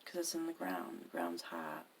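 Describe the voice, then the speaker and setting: Woman, podcast host, gravelly voice, personal storytelling, profane, emphatic. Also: very deep voice, sing-song, moderate pace, slight background noise. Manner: profane, emphatic, swears constantly.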